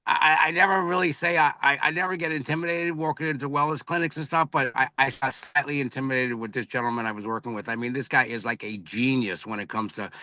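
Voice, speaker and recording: A man's voice: mid-range voice, fairly even intonation, fast talker, hardly any pauses, bright, forceful tone, dry recording. A man joining a video call as a guest, talking enthusiastically and stammering a little. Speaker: guest panelist. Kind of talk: casual chat.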